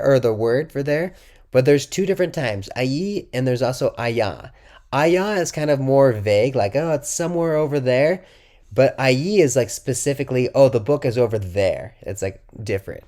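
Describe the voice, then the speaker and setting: A man teaching a casual video language lesson, encouraging and upbeat, who reads his example sentences slowly and carefully and often clears his throat. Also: mid-range voice, a little mellow. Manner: encouraging, says "muy bien" and "awesome" after each example. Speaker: Spanish teacher.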